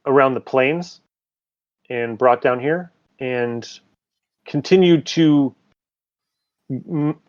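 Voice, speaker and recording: A man's voice: mid-range voice, muffled recording. Laid-back male dungeon master. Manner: casual, joking, loose narration. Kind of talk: narrating a tabletop game.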